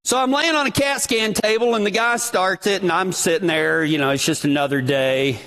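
A man's voice: high voice, normal speed, a bit bright. A man preaching a sermon, telling his own story in a folksy, dramatic way.

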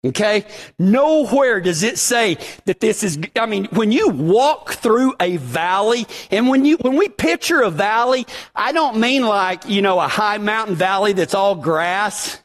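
A man's voice: high voice, animated, a little slow. A middle-aged man preaching a casual sermon, telling personal stories in a chatty, self-deprecating way.

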